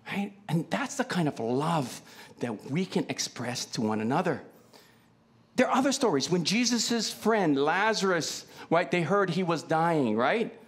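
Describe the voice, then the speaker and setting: Pastor, male; animated, very lively pitch, chatty Q-and-A preaching style. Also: unhurried. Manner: conversational, asks the congregation many questions. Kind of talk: sermon. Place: church.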